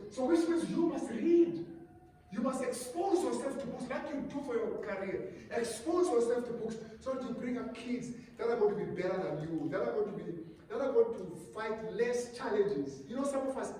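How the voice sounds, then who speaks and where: A South African pastor with an isiXhosa-speaking accent preaches to couples in a fairly high voice. He is animated and often repeats words as he talks. He sounds far from the mic in a very echoey conference room. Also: moderate pace. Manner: animated, repeats words, mimics a parent calming a child. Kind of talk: sermon at a couples retreat. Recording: roomy hall, voice from far off.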